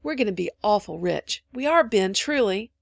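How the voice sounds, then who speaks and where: A woman's voice: medium pitch, animated, moderate pace, vocal fry, no echo. A woman voicing a small, earnest little girl who asks grave, wondering questions in a storybook reading. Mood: eager.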